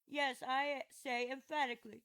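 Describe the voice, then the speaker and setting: A woman's voice: sits high, flat delivery, moderate pace, a bit bright. A woman narrating an audiobook voices a young male accuser who gives short, blunt, stubborn replies. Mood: curt. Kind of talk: audiobook reading of a classic dialogue.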